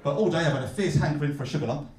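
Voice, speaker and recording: A man from London with a Cockney accent, performing a stand-up comedy set with a deadpan, mock-glum delivery and punchlines he pushes up loud. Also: fairly high pitch, rapid-fire, distant mic, very noisy. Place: comedy club stage. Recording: echoey club, heard from afar. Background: audience laughter.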